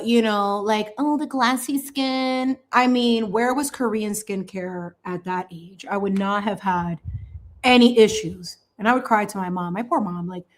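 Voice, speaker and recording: A woman in her thirties with a medium-pitched voice hosts a craft channel, chatting in a sassy, animated manner full of slangy asides and frequent laughter.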